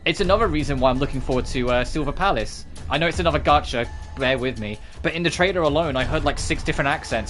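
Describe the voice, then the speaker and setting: With soft music playing behind him, a man finishing a game stream chats casually and veers off on tangents. His voice runs on the high side and a bit bright, fast with few pauses, rambling through self-corrections and asides.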